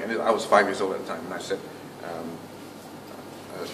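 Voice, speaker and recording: Before a club audience in a meeting room, a man with a fairly low pitch runs a speech workshop at a moderate pace. He projects his voice without a microphone and drops to a near-whisper to stress key points. The sound is distant and roomy, with faint room noise.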